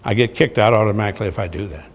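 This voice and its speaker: Racing along in a fairly low voice with vocal fry, an older man who once managed baseball teams tells salty, blunt, folksy stories. He addresses an audience in a big hall, and the recording is echoey.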